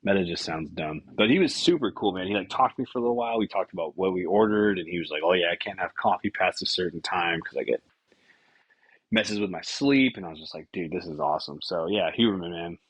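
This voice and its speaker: A young man hosting a podcast casually tells rambling, profane stories loaded with fillers. His voice is low and husky, he talks quickly, and there's no room sound.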